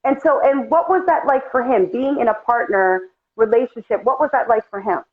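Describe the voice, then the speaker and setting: A woman's voice: a little high, moderate pace. A woman host speaking in a direct, encouraging and emphatic way. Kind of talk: supportive interview host. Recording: tinny phone-like line.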